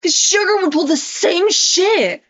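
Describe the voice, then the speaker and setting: Sarcastic high-voiced woman streamer. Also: lively intonation, a little slow, fairly bright tone, dull audio. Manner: sarcastic, blunt, swears freely. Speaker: streamer reacting to a video. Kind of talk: casual reaction stream commentary.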